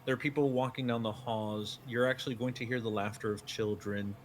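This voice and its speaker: A man's voice: mid-range voice, steady tone, brisk, a little hiss or hum. Male game master narrating a scene. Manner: descriptive second-person narration with many fillers.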